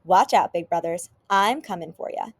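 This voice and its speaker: A woman's voice: fairly low pitch, normal speed, slightly rough. A woman voicing a playful, teasing woman who co-hosts a morning TV show. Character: playful female morning TV host.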